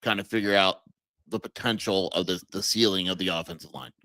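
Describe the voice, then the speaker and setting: A man co-hosting a casual sports podcast, speaking in a measured, analytical way and thinking out loud. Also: sits low, no echo. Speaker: podcast co-host. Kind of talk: casual sports talk livestream.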